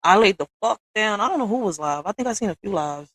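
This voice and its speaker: A woman's voice: medium pitch, lively intonation, quick pace, a bit bright, no room sound. Profane woman ranting on a live stream. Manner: profane, blunt and fired up, with slangy asides to viewers. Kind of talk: casual live-stream rant. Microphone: streaming software setup.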